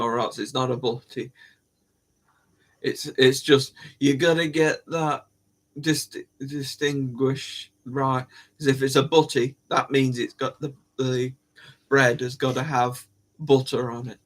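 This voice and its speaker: A man's voice: medium pitch, little pitch movement, measured pace. A man hosting a live stream, rambling and musing aloud to his viewers in casual chat, coughing now and then.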